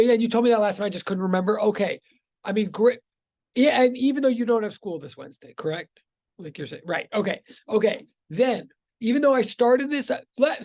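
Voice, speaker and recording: A man's voice: high voice, creaky, a little mellow, dry recording. A man teaching a physics class over a video call, greeting students one by one in a rambling, self-interrupting way. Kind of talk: casual online class intro.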